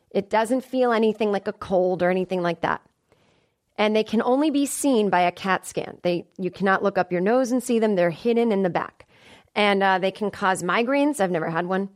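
A woman in her thirties hosting a comedy podcast from a studio, chatting casually and acting out the voices of people in her stories. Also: mid-range voice. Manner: chatty, animated storyteller acting out quoted voices. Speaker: podcast host.

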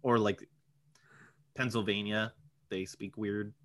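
A man, co-hosting a casual podcast, rambling and joking with quick asides. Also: on the low side, steady tone, a bit bright, slight background noise. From Boston area. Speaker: podcast co-host.

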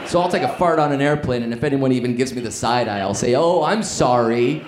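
A man's voice: medium pitch, lively intonation, quick pace. Joking man on a live stage. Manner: playful, joking, laughing often. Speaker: podcast co-host. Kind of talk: live comedy podcast banter. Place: stage before a live audience. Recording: echoey live room, crowd noise.

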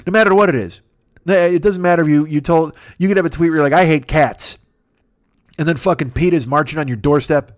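Profane, rambling man in his fifties. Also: on the high side. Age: 50s. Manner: rambling, profane, self-mocking. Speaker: podcast host. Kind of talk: solo comedic podcast monologue. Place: apartment. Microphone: microphone turned sideways.

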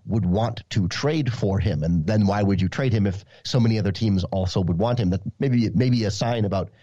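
Male guest, casual sports talk, low voice, dull dry lo-fi audio. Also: moderate pace, dark tone, no room sound. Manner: talkative, repeats words as he thinks. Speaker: podcast guest.

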